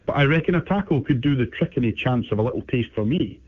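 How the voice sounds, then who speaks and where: Cheeky British bulldog voiced by an AI man, gruff and chatty, husky tone, tinny phone-line sound. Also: mid-range voice, expressive, quick pace, no echo.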